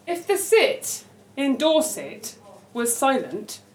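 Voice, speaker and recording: Playful woman firing off curious questions, lively and bright pitched, echoey room. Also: slow pace. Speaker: teacher. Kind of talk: casual group chat.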